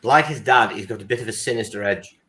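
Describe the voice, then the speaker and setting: A man's voice: lowish voice, fast talker, bright, forceful tone. A man co-hosting a casual podcast. He tells stories emphatically and confidently, like a fan who knows his subject. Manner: emphatic, knowledgeable storyteller. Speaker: podcast co-host. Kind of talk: casual chat. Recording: roomy echo.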